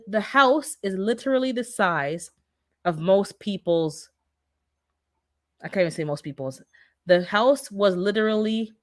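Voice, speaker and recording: A woman with a Jamaican accent chatting casually on a livestream, telling stories in a lively, chatty way. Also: medium pitch. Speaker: gardening channel host.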